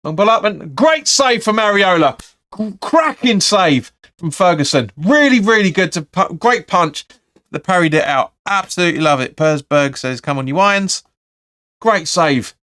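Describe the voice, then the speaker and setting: Smooth-voiced man commentating live. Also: high voice, expressive, moderate pace, sharp tone. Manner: chatty play-by-play, reads viewer comments, blunt opinions. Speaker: fan channel host. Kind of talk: live match watch-along commentary.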